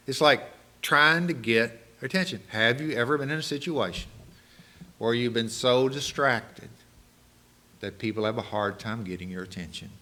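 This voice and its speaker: An animated male preacher gives a sermon and often stops to ask the congregation rhetorical questions. His voice is bright and forceful. His pitch swings in a lively way from line to line. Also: unhurried.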